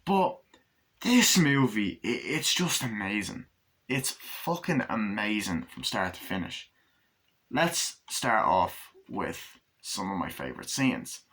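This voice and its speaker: Male vlogger, lower pitch, forceful tone; profane, rambling, enthusiastic reviewer. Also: big pitch swings, takes it slowly, breathy edge. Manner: enthusiastic, heavy swearing, rambling with restarts. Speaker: movie reviewer. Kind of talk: casual movie review.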